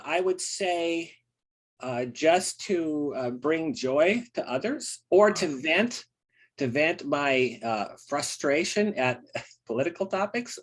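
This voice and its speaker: Earnest older American poet, halting. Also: male voice, a little high. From United States. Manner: earnest, halting, many fillers. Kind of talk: casual talk about his poem.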